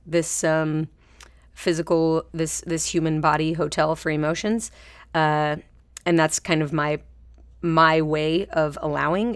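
A woman hosting a reflective solo podcast, speaking gently and warmly to herself and her listeners, with soft laughs and playful imagery. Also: low-pitched, no room sound. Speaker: podcast host.

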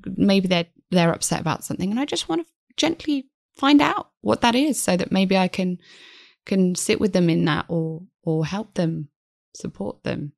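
A woman in her thirties with a fairly low, gravelly voice speaks at normal speed, recorded with clean studio sound and no room noise. As a guest in a conversational podcast interview, she's earnest and reflective and acts out her inner voices.

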